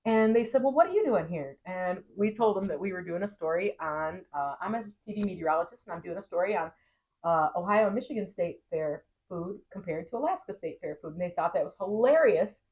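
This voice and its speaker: A woman who is a TV meteorologist, co-hosting a vlog and telling a story in a casual, animated way, acting out quoted lines. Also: lowish voice, brisk, low-quality recording.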